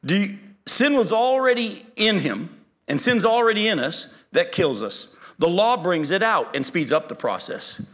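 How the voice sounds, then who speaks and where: Man, Bible lesson, high voice, bright tone, quizzes listeners, acts out quotes. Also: moderate pace. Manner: lively, quizzes the class and acts out quoted speech. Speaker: Bible teacher.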